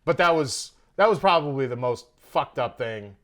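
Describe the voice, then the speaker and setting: A man tells a story on a casual podcast, loose and full of profanity. His voice sits at a middle pitch, and the telling stays animated. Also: moderate pace. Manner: profane, animated storyteller who puts on a Russian accent in quotes. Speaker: guest comedian. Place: podcast studio in Austin, Texas.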